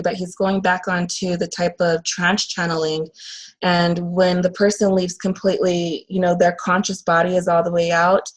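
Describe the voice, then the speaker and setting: A woman working as a medium, talking in a casual, earnest and halting way with frequent fillers. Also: fairly low pitch, level tone, low-quality recording. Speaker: channeling medium. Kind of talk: casual conversation.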